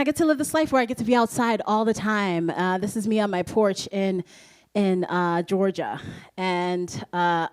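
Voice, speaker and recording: A woman in her thirties from the United States, giving an animated, laugh-filled presentation to an audience as a guest speaker, with many fillers. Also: medium pitch. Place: school presentation room.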